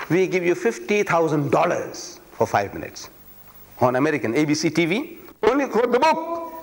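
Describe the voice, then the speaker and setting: Male lecturer, rhetorical and emphatic, lively melodic delivery, echoing hall. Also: sits high. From South Africa. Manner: emphatic, rhetorical, repeats phrases for effect. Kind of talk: public lecture. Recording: long reverb of a lecture hall.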